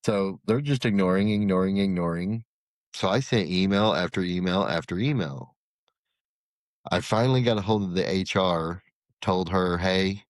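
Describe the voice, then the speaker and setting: A middle-aged man with a drawl tells a long story as a podcast guest, his voice sitting on the low side. He slips into the voices of the people he quotes and keeps the telling lively. The sound is close and dry, with no room around it. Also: normal speed, no echo. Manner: animated, acts out quoted dialogue. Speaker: podcast guest, former corrections captain. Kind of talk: casual storytelling.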